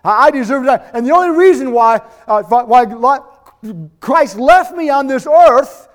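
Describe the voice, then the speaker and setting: A man's voice: very high voice, expressive, moderate pace, voice pushed up. A man playing the apostle Paul in a sermon, an earnest jailed man testifying. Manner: earnest, confessional.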